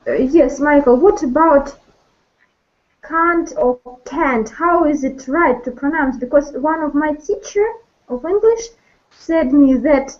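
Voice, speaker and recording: A woman's voice: high-pitched, unhurried, darkish tone. A woman whose first language is Russian, asking her English teacher a question in an online class, hesitating and searching for words. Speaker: student. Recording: dull lo-fi online call audio.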